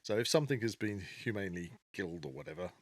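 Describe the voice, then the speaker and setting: A man's voice: on the low side, expressive, fast talker, no room sound. Rambling man co-hosting a podcast. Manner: rambling, restarts often, laughs easily. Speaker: podcast co-host. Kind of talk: casual podcast chat.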